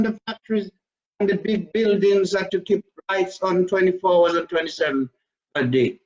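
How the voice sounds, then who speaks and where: Guy with a high voice ranting crude defiant stuff into a camera, muffled lo-fi sound. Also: fairly even intonation, moderate pace. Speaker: self-styled religious leader. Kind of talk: rambling video monologue.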